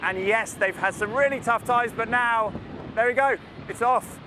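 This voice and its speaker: A man reporting live from an airfield, talking enthusiastically and with excitement. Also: very high-pitched, normal speed. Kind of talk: live outdoor news report. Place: outdoors at a busy airfield. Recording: noisy outdoor live feed. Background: traffic noise.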